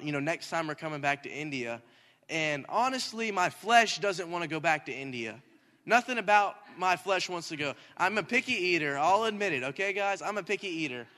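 Young man, high bright voice, animated storytelling sermon, long hall reverb. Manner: animated, talks in circles, rising to shouts. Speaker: youth minister. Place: church hall.

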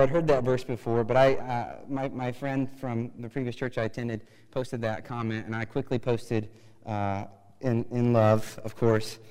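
A man preaching a sermon, chatty and joking, rising to loud emphatic bursts. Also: mid-range voice, big-room sound, low-quality recording. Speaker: pastor.

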